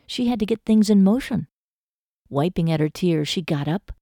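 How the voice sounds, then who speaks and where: A woman narrating a romance novel audiobook in a measured, emotive storytelling manner. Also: on the low side, expressive, mellow, dry recording, clean studio sound.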